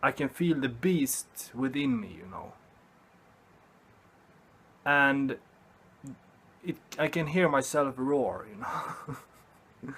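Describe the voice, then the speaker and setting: Man, very slow, mid-pitched, earnest, halting, repeats phrases. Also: fairly bright tone. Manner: earnest, halting, repeats himself and says "you know" often. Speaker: vlogger. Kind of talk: motivational vlog talk to camera.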